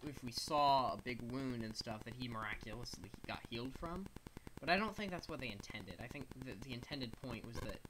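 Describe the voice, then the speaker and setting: A gaming YouTuber giving rambling, casual let's-play commentary, reacting excitedly and reading chat. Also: mid-range voice, noisy background. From United States.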